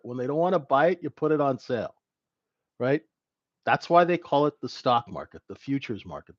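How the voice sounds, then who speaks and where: Guy teaching trading live, super lively voice, kinda high, dull dry stream audio, always going "right?". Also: dry recording. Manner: animated, conversational, keeps asking "right?". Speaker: trading instructor.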